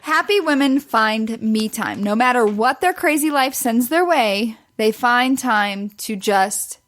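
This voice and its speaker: Chatty woman co-host with a higher voice. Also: expressive, slow pace, fairly bright tone. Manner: chatty, advice-giving, giggly. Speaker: podcast co-host. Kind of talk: casual chat over wine.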